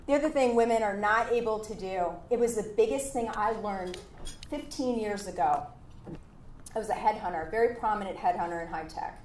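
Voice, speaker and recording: A woman giving an animated motivational talk and acting out conversations as she tells stories. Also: mid-range voice, fairly quick. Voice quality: lively storyteller who plays out conversations. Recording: roomy echo, faint noise.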